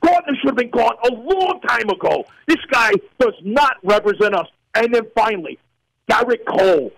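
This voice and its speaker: A radio host playing a ranting, crude Yankees fan caller in a comedy sports radio bit. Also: male voice, extremely high pitch, animated, normal speed, vocal fry, fairly bright tone, exaggerated voice, poor audio. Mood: furious. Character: furious loudmouth male New York Yankees fan caller.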